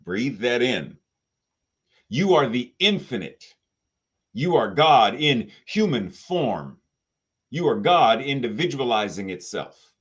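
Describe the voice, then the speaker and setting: Man preaching an animated, unhurried sermon. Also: on the low side, muffled recording. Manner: expressive, rhetorical questions, playful asides. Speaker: spiritual director.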